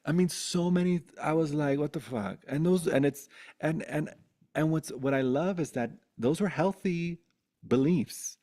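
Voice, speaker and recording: A man in his thirties telling his life story with candid, animated feeling, swearing freely and often restarting his sentences. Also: fairly high pitch, measured pace.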